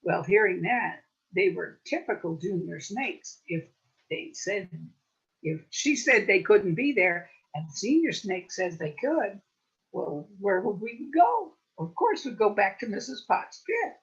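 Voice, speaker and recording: A woman storyteller telling a playful folk tale with lively wordplay at a story swap. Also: medium pitch, measured pace, lo-fi sound.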